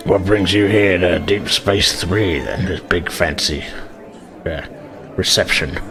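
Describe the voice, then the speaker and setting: A man voicing a pushy male alien trader who talks in fast salesman patter. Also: low voice, over music. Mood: smarmy.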